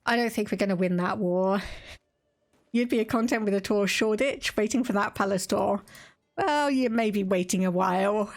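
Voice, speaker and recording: A woman's voice: medium pitch, moderate pace. Chatty woman with an Estuary accent. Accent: Estuary English. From England. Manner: chatty, laughs often, reads game text aloud. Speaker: game streamer. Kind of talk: casual live-stream gameplay commentary.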